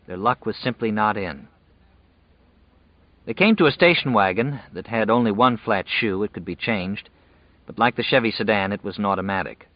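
A man reading a novel aloud in measured, even scripted narration. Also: lowish voice, no room sound. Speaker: audiobook narrator. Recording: dull dry lo-fi audio.

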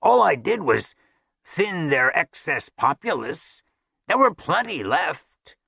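A man voicing a shrill, panicky, pop-eyed male rogue who whines pompously in a storybook reading. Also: very animated, takes it slowly, gravelly, pushed and bright, husky, dry recording, studio quality, heavily acted. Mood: indignant whining. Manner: shrieking, whining, pompous.

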